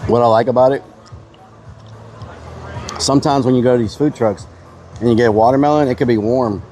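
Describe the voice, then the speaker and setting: A man's voice: medium pitch, fairly even intonation, a little fast, dark tone, faint music behind. A man live-streaming outdoors in the heat, chatting playfully to his viewers and talking with his mouth full. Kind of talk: casual live-stream chat.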